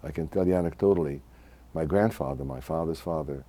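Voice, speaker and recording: A man in his eighties who grew up in Hungary, recalling his childhood in a measured, reflective oral history interview. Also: very deep voice, warm tone. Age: 80s. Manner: measured, reflective, restarts mid-phrase.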